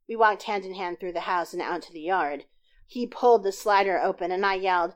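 A podcast host reads her own short story aloud, recording into a tablet while lying in bed. She is getting over a sinus infection. Her reading is lively and expressive, and she puts extra force into the dialogue. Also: lowish voice, fairly quick. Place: in bed at home. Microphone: tablet recording app.

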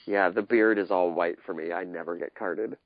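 A man's voice: deep voice, normal speed, no room sound. A middle-aged man, a guest in a casual chat, rambling and laughing often. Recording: dry muffled recording.

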